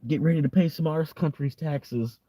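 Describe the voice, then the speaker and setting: A man's voice: a little high, brisk, mellow. A young American man chatting casually on a livestream, rambling with lots of fillers and frequent laughter. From United States. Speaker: livestream host.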